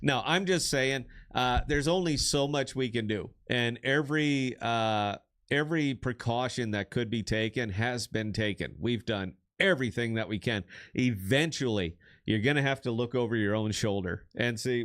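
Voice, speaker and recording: A man's voice: mid-range voice, normal speed. A man hosting a live podcast stream, chatting casually and rambling with restarts. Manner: rambling, restarts often, bursts into shouting laughs. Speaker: podcast host.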